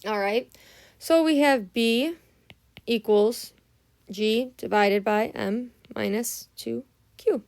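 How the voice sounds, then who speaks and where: A young woman teaching math sounds tired in the early morning, yet stays casual and patient, laying things out step by step and stopping frequently to ask "right?" Her voice is on the high side but darkish and gravelly, with a slow pace and long pauses.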